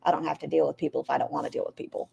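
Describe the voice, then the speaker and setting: A woman's voice: deep voice, steady tone, very fast, gravelly, muffled recording, background noise. A woman doing casual, sarcastic live-stream commentary, swearing freely and talking to her chat. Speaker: reaction streamer.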